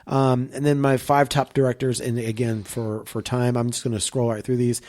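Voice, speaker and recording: A man in a casual podcast chat, rambling with lots of swearing and boundless enthusiasm. His pitch sits in an ordinary middle range. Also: level tone, normal speed, darkish tone. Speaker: podcast guest, filmmaker.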